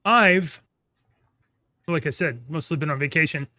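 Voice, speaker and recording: A man in his thirties co-hosting a podcast, chatting casually and telling animated, rambling stories with laughs. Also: fairly high pitch, a little slow, no room sound, studio quality. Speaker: podcast co-host. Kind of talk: casual chat.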